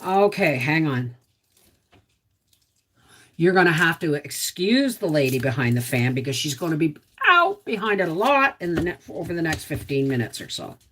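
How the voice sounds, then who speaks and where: Woman, homestead livestream host, casual and chatty, pitch swings up and down a lot. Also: very animated, moderate pace, fairly bright tone, a little hiss or hum. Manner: chatty, reads out viewer names, talks to her dog. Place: at home.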